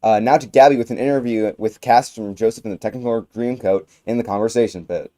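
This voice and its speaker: Mellow-voiced young man anchoring news. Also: medium pitch, steady tone. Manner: halting read with slips. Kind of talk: reading news from a script.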